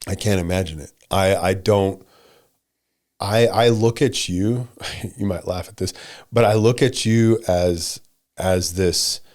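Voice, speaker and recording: Low-voiced man, emphatic casual talk. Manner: emphatic, repeats short commands; softens and slows when speaking to his wife. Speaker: podcast co-host. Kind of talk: casual chat.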